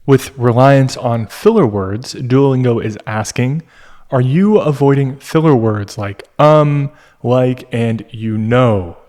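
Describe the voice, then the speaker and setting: A man teaching an English test lesson, explaining scoring criteria in a deliberate, teacherly way with pauses. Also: mid-range voice, darkish tone.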